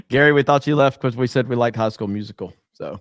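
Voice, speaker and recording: A man's voice: medium pitch, fairly quick, no echo, clean studio sound. A man co-hosting a casual livestream, talking in a rambling way with swearing and laughter. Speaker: co-host.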